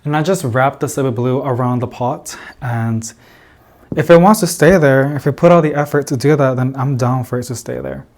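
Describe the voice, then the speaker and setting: A man's voice: medium pitch, normal speed, a little mellow. Guy rambling on his plant vlog, lots of likes and little laughs, regular mid voice. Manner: chatty and rambling, lots of "like" and giggles. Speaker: plant vlogger. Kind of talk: casual chat to camera. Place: indoor plant room with grow lights.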